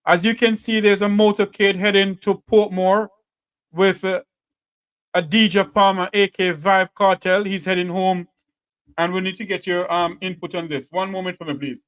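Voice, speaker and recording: A man's voice: high-pitched, steady tone, normal speed, fairly bright tone, smooth, no room sound. A man hosting a live call-in talk show, greeting each caller and affirming them briefly.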